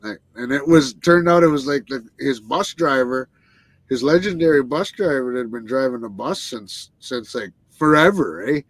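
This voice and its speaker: This male guest musician's casual storytelling wanders, full of curses, false starts, and a habitual "eh" at the end of lines. He speaks at a normal speed with a medium pitch and lively intonation, and there's no echo.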